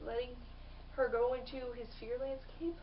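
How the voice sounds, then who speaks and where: A woman's voice: a little high, flat delivery, normal speed, distant mic, lo-fi sound, a little hiss or hum. A young woman chatting casually in a book vlog, bubbly and full of fillers and restarts. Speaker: book vlogger.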